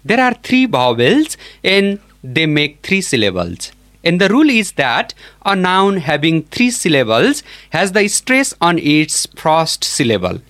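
Slow, deliberate male teacher. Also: on the high side, big pitch swings, fairly bright tone. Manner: slow, deliberate, models each word aloud. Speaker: English teacher. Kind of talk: classroom pronunciation lesson.

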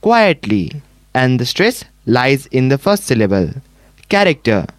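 A male student reciting answers in an English class in a steady, repetitive way. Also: medium pitch, measured pace, no echo.

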